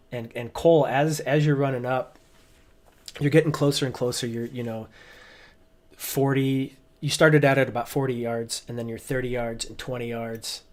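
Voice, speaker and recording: A man narrating as game master, stumbling and restarting his sentences often. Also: mid-range voice. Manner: hesitant, many restarts and ums.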